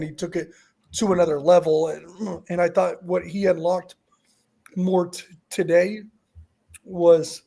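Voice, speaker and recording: A man's voice: sits high, creaky, a little mellow. A man co-hosting a sports podcast, giving thoughtful analysis that often trails off and restarts.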